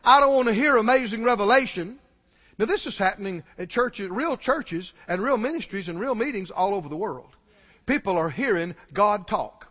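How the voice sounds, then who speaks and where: A man's voice: high voice, animated, normal speed, fairly bright tone. A man preaching a sermon, urgently pressing his congregation with questions. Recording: dull recording, long hall reverb.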